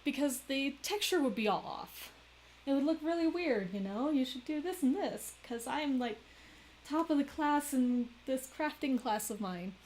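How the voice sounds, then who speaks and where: A superior, bossy schoolgirl lectures a classmate and puts him in his place, as a woman puts her on. Her voice sits a bit higher than usual. A faint hiss runs under it. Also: lively intonation, moderate pace, a little mellow, poor audio. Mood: lecturing. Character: bossy, know-it-all schoolgirl.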